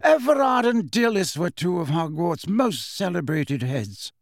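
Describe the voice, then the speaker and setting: Casting: man doing an elderly wizard headmaster, slow and quiet, grave and composed, lifted pitch, dry close sound, storybook reading. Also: sing-song, gravelly, no room sound, exaggerated voice. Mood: calm, grave.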